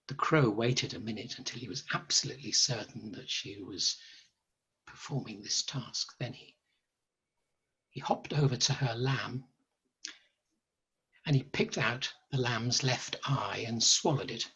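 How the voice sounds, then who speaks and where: A man narrating a story at a live storytelling evening, in a slow, dry, understated way. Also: medium pitch, bright, forceful tone, husky, highs cut off.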